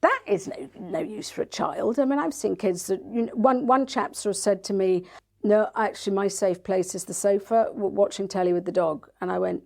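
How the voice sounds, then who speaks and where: A woman, a parenting coach, chatting in an interview and telling lively stories, acting out other people's voices. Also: mid-range voice, moderate pace, gravelly. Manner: animated storytelling, acts out quoted voices. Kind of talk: casual interview chat.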